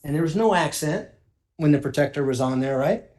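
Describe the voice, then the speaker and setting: A man's voice: on the high side, brisk, darkish tone. A man cross-examining a witness in a courtroom as prosecutor, asking pointed, pressing questions.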